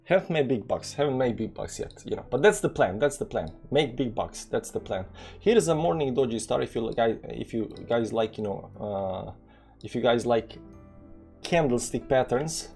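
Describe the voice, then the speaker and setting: A man's voice: medium pitch, expressive, normal speed, creaky, darkish tone, faint music behind. A man from the former Yugoslavia with a Balkan accent, giving casual live crypto trading commentary in a rambling way, full of fillers and read-out numbers.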